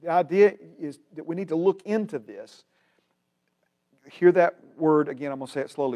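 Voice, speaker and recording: A man from Alabama with a Southern American accent, teaching a Bible class in a folksy, casual way and repeating key phrases slowly for emphasis. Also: fairly high pitch, darkish tone. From Alabama, United States.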